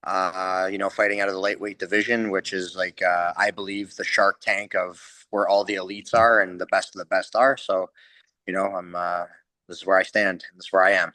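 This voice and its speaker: A man in his thirties, a fighter answering interview questions in a relaxed, rambling way with lots of fillers. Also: low-pitched, normal speed, dry recording, poor audio. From Canada. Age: 30s. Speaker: MMA fighter, guest.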